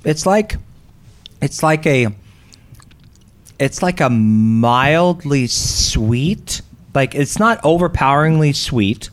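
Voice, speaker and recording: A man's voice: a little high, lively intonation, takes it slowly, long pauses. A man hosting a community radio show, chatty and joking, often restarting his sentences. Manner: chatty, jokey, stumbles and restarts. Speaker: radio host. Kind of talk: casual on-air chat.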